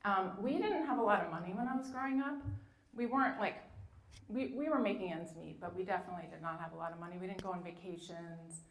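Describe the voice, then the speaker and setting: A woman's voice: mid-range voice, quick pace. A woman in her fifties, from New York, telling a story from her childhood in a chatty way, with lots of "um"s and "like"s. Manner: chatty, many "um"s and "like"s. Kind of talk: personal story told live. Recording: echoey room.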